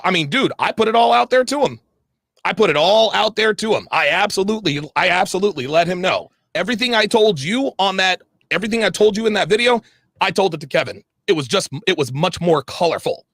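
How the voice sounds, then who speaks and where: A man's voice: sits high, brisk, no echo, studio quality. A man heatedly retelling an argument in a clip, swearing freely and restarting his sentences often. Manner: animated, repetitive restarts, profane. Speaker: online commentator.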